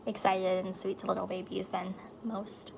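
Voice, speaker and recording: Mid-range and creaky, this woman's voice stays level in tone at a normal speed, and the recording is very noisy. A mother of four, she chats casually while doing her makeup. She's emotional and rambling, drifting between topics with many fillers and "likes."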